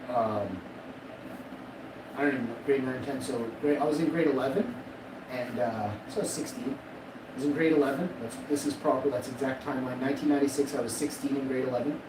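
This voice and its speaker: A man in his forties streaming live, telling a rambling, boastful, profane story and laughing at his own jokes. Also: medium pitch. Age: 40s. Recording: echoey room, distant mic, loud background noise.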